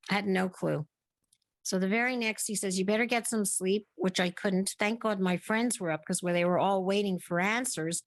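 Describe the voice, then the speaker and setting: A woman's voice: medium pitch, no room sound. A middle-aged woman, a guest on a podcast, telling a long personal story and acting out the conversations she remembers. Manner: narrates at length, acting out remembered dialogue. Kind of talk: casual interview storytelling.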